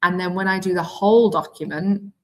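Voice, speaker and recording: A woman with a Welsh accent giving a live online software demonstration as a teacher trainer, chatty and thinking aloud as she clicks through. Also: fairly low pitch, brisk, low-quality recording. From Wales.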